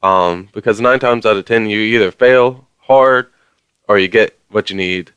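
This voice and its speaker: A man's voice: on the low side, unhurried, fairly bright tone, clean tone, dry recording, lo-fi sound. A man ranting casually to his viewers, rambling along with lots of fillers and mild swearing. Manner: conversational, many fillers. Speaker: vlogger. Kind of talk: casual rant to camera.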